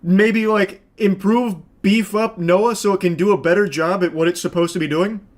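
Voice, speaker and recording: Man, reaction commentator, sarcastic profane rant, higher pitch. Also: fairly even intonation, moderate pace.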